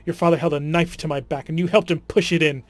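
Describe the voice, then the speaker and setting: A man reading the lines of a stern, wronged young noblewoman, earnest and building to forceful declarations. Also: on the high side, steady tone, fast, lightly acted. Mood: grieved. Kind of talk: dramatic reading of game dialogue.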